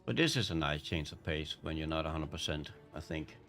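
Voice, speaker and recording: A man streaming a video game, commenting casually in a halting, rambling way. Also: a bass voice, music in the background. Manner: rambling, halting, self-correcting. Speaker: gaming streamer. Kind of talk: casual let's-play commentary.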